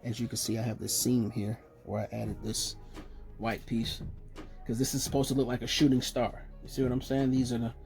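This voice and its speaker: Excited male vlogger, mid-pitch, casual show-and-tell, soft music behind. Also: fairly quick, creaky. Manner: excited, chatty, fillers and self-corrections. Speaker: jersey collector showing his collection.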